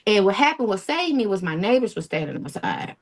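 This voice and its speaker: A woman of middle pitch tells a painful personal story to an interviewer. She speaks in a halting, emotional way and voices the quoted lines of the people involved as she goes. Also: very animated. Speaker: interview guest.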